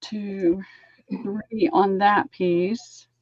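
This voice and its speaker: A woman hosting a live-stream sale, chatting and describing lace items slowly. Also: mid-range voice, fairly even intonation, no echo, highs cut off.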